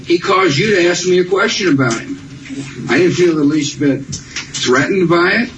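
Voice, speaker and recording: A man in high office answering a reporter's question at a press conference in a folksy, halting, plain-spoken way. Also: dull audio, background noise. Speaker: head of state at a press conference. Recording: roomy archive audio from a distance.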